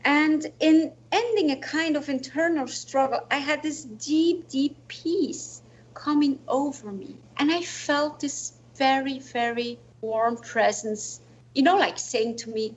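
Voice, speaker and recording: A woman's voice: sits high, slow, muffled recording, slight background noise. A woman in her forties, a guest telling a personal story in earnest, reflective talk full of "you know, like". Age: 40s. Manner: earnest, reflective, slightly non-native phrasing with "you know, like".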